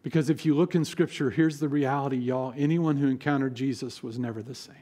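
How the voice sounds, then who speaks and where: A man preaching a sermon as pastor, telling stories and acting out biblical figures in a lively way. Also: medium pitch, a little fast. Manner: animated storytelling, acts out biblical figures with rising energy.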